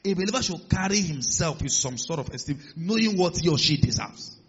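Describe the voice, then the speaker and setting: A male pastor preaching a sermon in a large church hall, emphatic and building to loud declarations. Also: fairly high pitch, lively intonation, brisk, breathy edge. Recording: muffled sound with long hall reverb.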